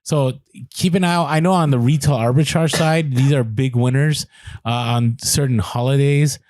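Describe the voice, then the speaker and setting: A man's voice: medium pitch, moderate pace, a little mellow, a little hiss or hum. A man co-hosting a casual reselling podcast, chatty and full of fillers and restarts. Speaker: podcast co-host.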